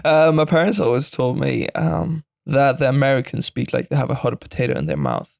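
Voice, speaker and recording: A man's voice: medium pitch, animated, fairly quick, vocal fry, dry recording, clean studio sound. A young man co-hosting a podcast, chatting casually in a playful, teasing way. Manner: playful, teasing, laughs often. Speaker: podcast co-host. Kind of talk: casual chat.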